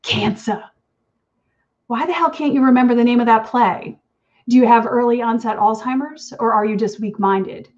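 A woman's voice: on the high side, fairly quick, a little mellow, highs cut off. A woman author reading her own story aloud in an intimate, wry second-person voice. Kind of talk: reading fiction aloud at an online event.

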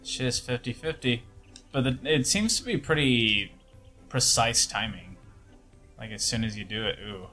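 A man's voice: medium pitch, moderate pace, bright, forceful tone, faint music behind. A man co-hosting a video game let's play, chatting casually with dry, teasing quips. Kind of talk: casual gameplay banter.

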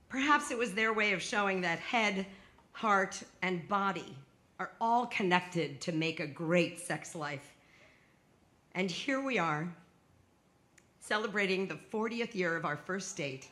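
A woman's voice: lowish voice, bright, forceful tone. A woman in her sixties telling a true personal story on stage, with wry comic timing and emphatic punchlines.

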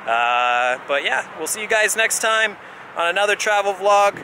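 A man's voice: sits high, normal speed, pushed and bright, poor audio. A man casually talking to camera as a travel vlogger at a train station, upbeat and chatty with his viewers. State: out of breath. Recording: outdoor noise, camera mic.

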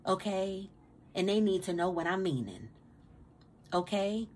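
A woman's voice: mid-range voice, lively intonation, a little slow, a little mellow. Woman doing a tarot reading, swears a lot, hypes folks up, stutters on repeats, medium voice, faint hiss behind. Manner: emphatic, profane and streetwise, with repeated stammered words; preachy motivational pep talk. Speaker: tarot reader. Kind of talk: casual tarot reading to camera.

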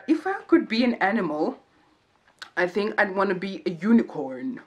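A young vlogger chats and jokes casually while doing her makeup, in a get-to-know-me style full of playful voices and asides. Her voice is medium-pitched and expressive, at a normal speed.

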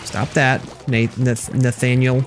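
A man's voice: mid-range voice, little pitch movement, takes it slowly, over music. Chatty sarcastic young man streaming games. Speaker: game streamer. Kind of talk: casual gameplay commentary reading chat.

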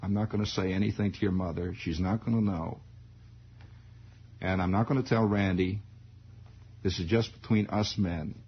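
A stern middle-aged father, as a man puts him on, pressing his son in a low, hushed, insistent voice. The tone is gravelly and husky. The recording sounds dull, like an old radio broadcast. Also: exaggerated voice. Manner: low, soft, insistent coaxing.

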